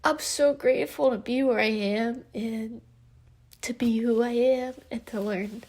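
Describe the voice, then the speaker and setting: A woman's voice: fairly high pitch, fairly even intonation, measured pace, darkish tone. A woman in her twenties talking in an emotional, rambling confessional vlog, tearful and full of fillers. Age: 20s. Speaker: vlogger.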